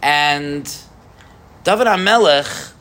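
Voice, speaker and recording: A man teaching a Torah class to a live group, animated, with rhetorical questions and frequent restarts. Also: on the high side, slow pace.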